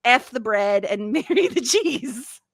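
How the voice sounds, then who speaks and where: A woman co-hosts a podcast with a playful, teasing, emphatic way of talking. Her voice is bright and swings widely in pitch. The sound is close and dry. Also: lively intonation, takes it slowly, no room sound. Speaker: podcast co-host. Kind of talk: casual podcast chat.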